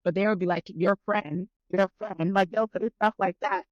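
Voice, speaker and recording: A woman guest on a podcast telling a story in casual chat, animated and profane, acting out both sides of the conversation. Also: mid-range voice, normal speed, no echo, dull audio.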